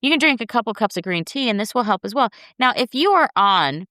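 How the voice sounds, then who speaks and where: Talking fast with a fairly high, expressive, bright voice and a forceful tone, this middle-aged podcast host coaches her "guys" on health and losing weight. She is casual yet earnest, and the studio-quality audio has no echo.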